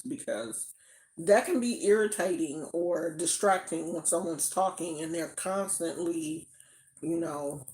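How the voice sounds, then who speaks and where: A woman's voice: deep voice, darkish tone. An older woman hosting a spiritual channel, chatting casually on a livestream in a rambling way. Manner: chatty, rambling, with fillers and restarts. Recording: roomy echo.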